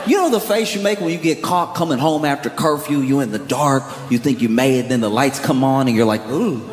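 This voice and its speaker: A male stand-up comedian telling a story in an animated, incredulous way. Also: mid-range voice, a little fast. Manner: animated, incredulous, exaggerated retelling. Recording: echoey hall with background noise.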